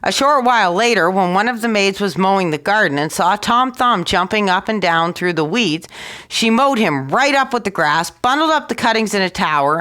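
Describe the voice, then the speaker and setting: A woman storyteller reading a fairy tale aloud in an expressive, animated way. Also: mid-range voice.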